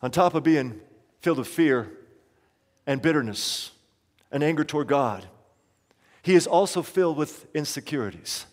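High-voiced man preaching in a reverberant hall. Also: animated, normal speed, pauses often. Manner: impassioned preaching, acts out voices of a doubting man. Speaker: pastor. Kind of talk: sermon.

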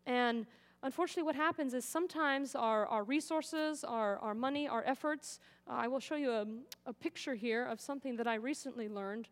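A young woman preaches to a congregation with earnest encouragement in a fairly high voice. Her words ring out with a long reverb in a church hall, and she keeps turning to the pews with questions. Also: fairly quick. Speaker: missionary speaker. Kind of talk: sermon. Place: church sanctuary.

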